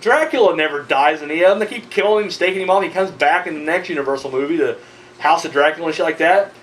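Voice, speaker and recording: A man's voice: a little high, fast talker, fairly bright tone, slight background noise, rough recording. A man ranting casually in a video response, profane and rambling, tired and worked up. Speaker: horror movie vlogger.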